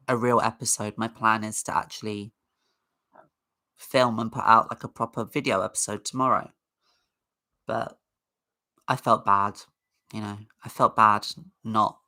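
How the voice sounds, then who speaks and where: A woman's voice: extremely low pitch, pushed and bright. A woman hosting a casual livestream, chatting in a rambling way and greeting viewers in the chat. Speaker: livestream host.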